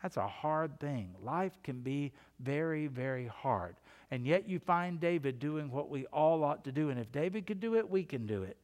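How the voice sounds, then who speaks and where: A man's voice: fairly high pitch, animated, moderate pace, darkish tone. An older man preaching a sermon as pastor, talking in a conversational way that builds to earnest emphasis. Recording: long reverb of a church hall.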